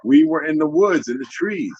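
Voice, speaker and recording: A man's voice: fairly high pitch, animated, moderate pace, a little mellow, no room sound, dull audio. A man lecturing in a casual talk-show chat, full of his own theories. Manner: lecturing, talks about himself as a linguist. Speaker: guest.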